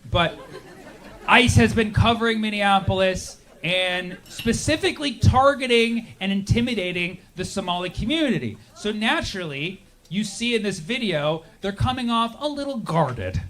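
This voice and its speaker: A young man doing a stand-up comedy set, sarcastic, jumping into quick acted-out voices. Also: high-pitched, expressive, a bit bright. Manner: sarcastic, acts out characters in quick bursts. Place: comedy stage with a laughing audience.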